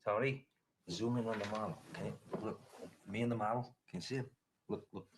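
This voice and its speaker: A man playing a brash tycoon in an improvised comedy sketch, boastful and quick to cut others off. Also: on the low side, background noise.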